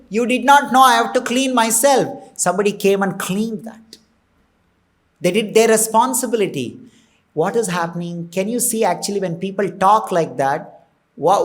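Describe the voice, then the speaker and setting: A man with an Indian English accent giving an earnest temple sermon, emphatic and sometimes breaking into acted asides. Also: high voice. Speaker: temple preacher.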